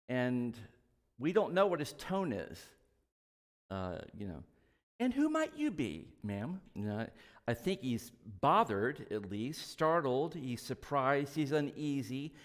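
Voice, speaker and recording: A man's voice: medium pitch, in a large hall. A man preaching a sermon in a casual, conversational way, full of asides and small jokes. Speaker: pastor. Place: church sanctuary.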